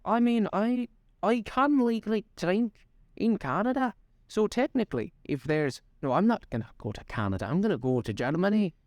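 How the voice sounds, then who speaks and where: A man's voice: high voice, lively intonation, moderate pace, darkish tone, no echo, clean studio sound. A man chatting on a podcast in a hesitant way, often restarting his sentences. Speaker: podcast co-host. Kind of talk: casual chat.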